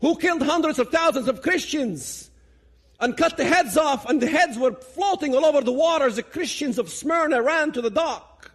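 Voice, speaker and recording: Man, 50s, high voice, very animated intonation, emphatic public speaker. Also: normal speed. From Palestinian territories. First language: Arabic. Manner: dramatic, emphatic, builds to loud peaks. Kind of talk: impassioned public talk.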